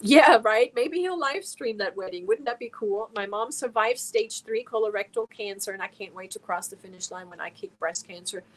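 A woman's voice: medium pitch, expressive, moderate pace, few pauses, low-quality recording. A woman from Germany hosting a casual crochet livestream, talking earnestly and emotionally while reading viewer comments aloud. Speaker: crochet channel host.

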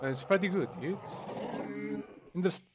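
A young man playing a multiplayer game, talking excitedly, yelling for help, cursing and saying "dude" all the time. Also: sits high, unhurried, noisy background. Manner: excitable, yells for help, curses, says "dude" constantly. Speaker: gamer. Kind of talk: excited gaming commentary.

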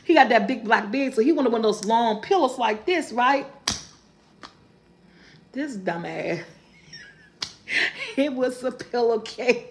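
A woman vlogger, casually telling viewers a funny story, animated and laughing often. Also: a little slow, pauses often, slight background noise. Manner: animated, laughing often, rising into high squeals when quoting.

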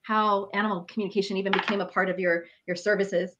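A woman's voice: mid-range voice, flat delivery, quick pace, fairly bright tone, dull audio, slight background noise. A woman hosting a live show who works as a medium, asking eager questions and adding tag questions like "right?". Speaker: host and medium.

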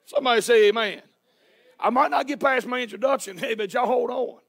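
High-pitched preacher hollering. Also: male voice, brisk, creaky, fairly bright tone. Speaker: pastor. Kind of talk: sermon. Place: church sanctuary.

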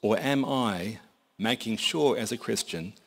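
A man's voice: fairly low pitch, measured pace, gravelly. A man preaching a sermon in a conversational, folksy storytelling manner.

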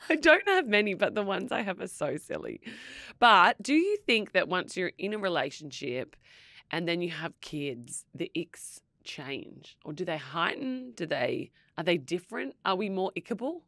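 A woman's voice: fairly low pitch, big pitch swings, a little slow, gravelly, a bit bright, dry recording, clean studio sound. An Australian woman in her thirties co-hosting a podcast, chatting casually, teasing and laughing often. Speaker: podcast co-host. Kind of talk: casual chat.

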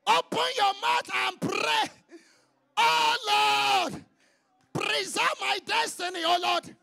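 A man leading a congregation in fervent, shouted prayer. He chants repeated calls to the Lord and drops to quieter exhortation between prayers. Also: extremely high pitch, fairly even intonation, takes it slowly, creaky, soft background music. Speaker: prayer leader.

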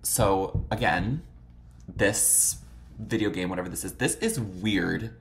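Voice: low-pitched, takes it slowly, slight background noise. A vlog host chatting casually while browsing old photos, gushing and swearing freely, full of dramatic exclamations and "like" fillers.

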